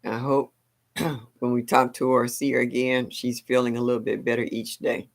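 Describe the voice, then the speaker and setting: A woman's voice: a bass voice, brisk, creaky. An older woman hosting a live stream, chatting casually and exclaiming often, with frequent laughs. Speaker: livestream host.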